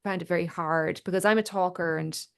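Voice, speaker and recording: A woman's voice: lowish voice, steady tone, fairly quick, gravelly, clear, resonant tone. An Irish woman coaching a small group in casual chat, a talker who tells stories and acts out what people said. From Ireland. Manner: chatty storyteller, acts out quoted speech. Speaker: voice and confidence coach.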